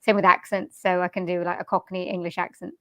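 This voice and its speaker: A woman's voice: fairly low pitch, little pitch movement, fast talker, sharp tone, no room sound. A young woman, a singer and voice artist, chatting casually as an interview guest, laughing often and restarting her sentences. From Wales.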